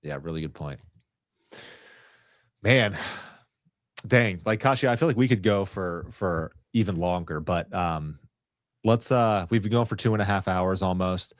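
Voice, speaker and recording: A man hosting a casual podcast chat, relaxed and agreeable, with frequent fillers as he reads out comments. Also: low-pitched, measured pace, long pauses, dry recording, studio quality. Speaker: show host.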